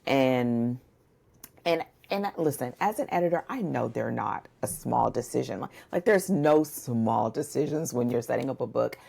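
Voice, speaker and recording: Gravelly low-voiced woman chatting. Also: expressive, moderate pace, warm tone. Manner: chatty, drawls "y'all, listen", many fillers. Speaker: podcast co-host and book coach. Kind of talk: casual chat.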